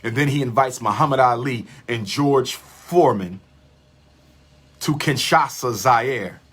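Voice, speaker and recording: A man's voice: medium pitch, a little slow, a bit bright, husky. A man giving an impassioned livestream lecture, repeating his lines for emphasis in a preacher-like way. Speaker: livestream host.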